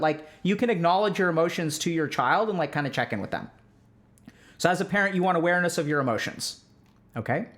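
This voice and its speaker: A man's voice: a little high, fairly bright tone. Man chatting through a casual stream lecture. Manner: conversational, peppered with "like" and "right?". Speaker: psychiatrist streamer.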